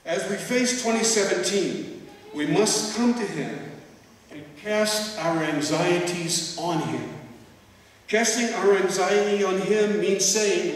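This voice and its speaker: A man preaching a sermon in a slow, measured way, leaning on repetition to drive each point home. His voice sits a little on the high side and carries a long, ringing echo, picked up from some distance across a large church hall. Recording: echoey hall, distant mic.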